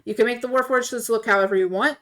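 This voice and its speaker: A woman streamer casually retelling a tabletop game story while playing, animated and laughing often. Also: on the high side, fast. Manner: animated, laughing, voices quoted characters.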